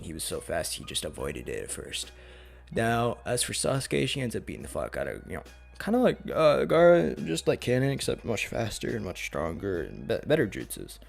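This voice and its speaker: Sex: man. Role: channel host. Style: casual story narration. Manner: profane, rambling. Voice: very low, gravelly, faint music behind.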